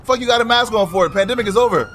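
A man streaming a game roleplay as a police officer, loud, brash and profane, joking and yelling. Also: high voice, very fast, a little hiss or hum.

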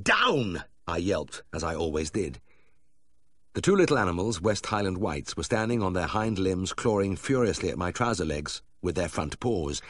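Brief: male audiobook narrator, very low voice, close dry sound, wry delivery. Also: no echo. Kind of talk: scripted narration.

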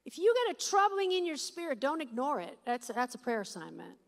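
Female preacher, high and bright, sermon in a reverberant hall, reads scripture and presses the congregation with questions. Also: big pitch swings, brisk. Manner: reads scripture aloud, questions the audience, builds to loud emphatic declarations. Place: church or meeting hall with an audience.

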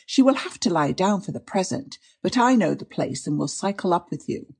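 A woman's voice: fairly low pitch, lively intonation, normal speed, vocal fry, darkish tone, slightly rough, pitched above the performer's own voice, full character voice. A woman reader voicing a young male country doctor who speaks brusquely and practically.

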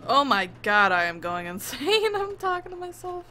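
A woman streaming a video game, reacting out loud and swearing often. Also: sits high, big pitch swings, moderate pace, slight background noise. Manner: profane, reactive, talks to the screen. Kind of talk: let's play commentary.

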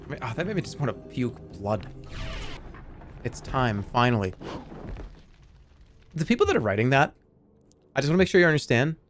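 A man's voice: mid-range voice, sing-song, moderate pace, pauses often. A man streaming a video game, chatting casually with viewers in a jokey, exaggerated way. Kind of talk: casual livestream chat while gaming. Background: game music.

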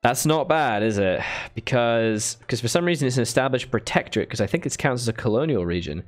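Here the streamer's mid-range voice is animated and a little fast, with soft background music. He works through a strategy game out loud in chatty, casual commentary, thanking viewers in enthusiastic bursts.

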